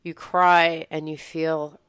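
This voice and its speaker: Low-voiced reflective woman, smooth and close. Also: little pitch movement, takes it slowly, fairly bright tone, no room sound. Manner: reflective, meandering with many fillers. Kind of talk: casual chat.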